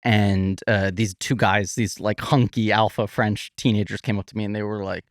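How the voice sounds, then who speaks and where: A man from New York, a podcast guest telling animated anecdotes. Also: lowish voice, moderate pace, hardly any pauses, no room sound, clean studio sound. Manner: animated storyteller, does funny voices. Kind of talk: casual chat.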